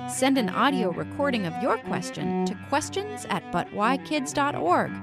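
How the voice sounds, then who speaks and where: Woman reading a kids podcast promo, higher voice, bouncy, guitar behind her. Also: very animated, normal speed. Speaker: kids' podcast host.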